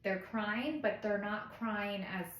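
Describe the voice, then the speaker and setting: A woman in her thirties giving a casual how-to demonstration at home, chatty and instructive, checking in with "okay?" and shushing softly as she shows the steps. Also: mid-range voice, steady tone, takes it slowly, a little hiss or hum. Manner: softly shushes and imitates baby cries while demonstrating. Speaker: parenting vlogger. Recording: echoey room.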